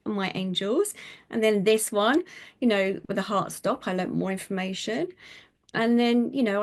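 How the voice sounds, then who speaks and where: Chatty woman with a higher voice. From United Kingdom. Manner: animated, chatty, many fillers. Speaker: psychic medium guest. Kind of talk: personal storytelling in an interview.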